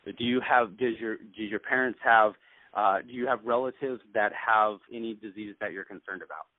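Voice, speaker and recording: Man, clinic owner coaching peers, animated and demonstrative, tinny dry call line. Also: lowish voice, normal speed, no room sound. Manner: animated, acts out what he says to patients. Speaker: clinic owner training other practitioners. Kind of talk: conversational sales coaching.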